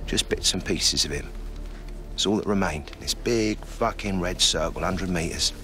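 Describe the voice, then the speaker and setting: A man's voice: deep voice, moderate pace. A man voicing a blunt, swearing army sergeant in a fan dub of film scenes. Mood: grim storytelling. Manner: gruff, swearing, commanding. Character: hardened male army sergeant, middle-aged, blunt. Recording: loud background film music.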